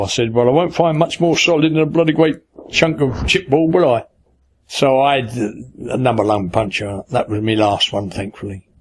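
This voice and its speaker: An older man from Kent, telling a story in casual, colloquial speech with blunt humour and acting out the dialogue. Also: slightly rough. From Kent, England. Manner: lively yarn-spinner, acts out quoted dialogue with raised pitch. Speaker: angling broadcaster interviewee.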